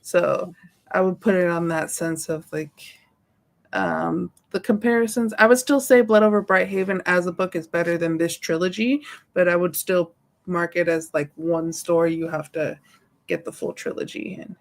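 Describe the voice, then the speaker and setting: A woman co-hosts a book club podcast, chatting casually, laughing often and explaining things eagerly. Her creaky voice is fairly low, at a moderate pace.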